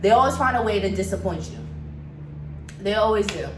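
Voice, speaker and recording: A young woman in her twenties telling a storytime vlog in an animated, profane and blunt way. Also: medium pitch, a little fast. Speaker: vlogger. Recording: roomy echo, faint noise.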